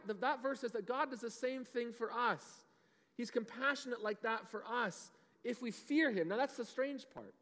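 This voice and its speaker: A man in his thirties giving a lively children's sermon, often asking the kids questions. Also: high voice. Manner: animated, asks the kids questions. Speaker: children's pastor. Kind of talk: kids' sermon. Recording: long hall reverb.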